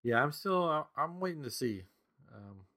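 A man's voice: on the high side, big pitch swings, normal speed, pushed and bright. A middle-aged man co-hosting a podcast in loose, casual chat, laughing often. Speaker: podcast co-host.

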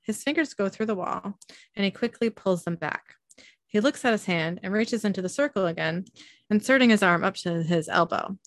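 A young woman hosting a podcast, reading an episode recap aloud in a loose, casual way with plenty of ums. Her voice sits at an average pitch and is recorded dry and close. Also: lively intonation, normal speed, dry recording. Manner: casual, with frequent ums and laughs. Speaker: podcast host.

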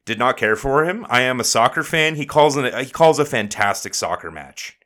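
A man's voice: mid-range voice, expressive, normal speed, sharp tone. A young man co-hosting a wrestling podcast, chatting casually, joking and swearing freely. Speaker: podcast co-host.

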